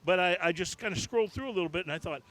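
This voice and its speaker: This man co-hosts a casual podcast from a bar, rambling through a list with frequent fillers and restarts. His voice is high, bright, and forceful, and he races along.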